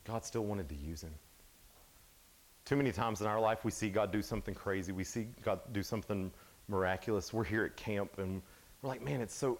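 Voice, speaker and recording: A young adult man giving a casual, animated sermon at a youth camp, sometimes dropping to a hush. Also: medium pitch, moderate pace. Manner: casual, animated storytelling, drops to hushed tones.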